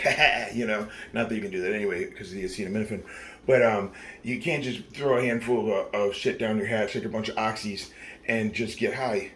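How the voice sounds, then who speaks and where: A man's voice: lowish voice, slight background noise. A very tired man in his thirties rambling through a late-night confessional vlog, profane and full of fillers. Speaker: vlogger.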